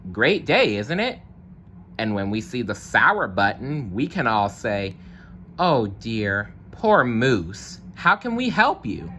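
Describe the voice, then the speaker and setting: A man's voice: medium pitch, sing-song, takes it slowly, bright, forceful tone, a little hiss or hum, full character voice. A man voicing a kind male zebra in a read-aloud storybook, announcing and reassuring in a raised, upbeat voice. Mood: encouraging. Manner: announcing, encouraging.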